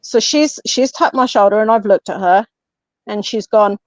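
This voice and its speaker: A woman with an English accent, a guest on a podcast, telling a personal story in a casual, animated way and acting out what others said. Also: medium pitch, moderate pace, no echo. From England. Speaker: guest, medium and paranormal investigator. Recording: slightly muffled, dry lo-fi audio.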